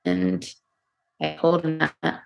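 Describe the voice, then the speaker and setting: A woman's voice: low voice, expressive, takes it slowly, gravelly, soft background music. A young woman recounting a fight with her husband in a hesitant way, full of fillers. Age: young adult. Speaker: participant sharing a conflict. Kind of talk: personal account in counselling session.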